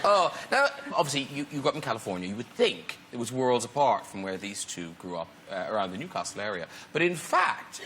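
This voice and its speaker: A man's voice: medium pitch, sing-song, brisk, hardly any pauses, fairly bright tone, slight background noise. A man hosting a talk show, teasing his guests in a playful way.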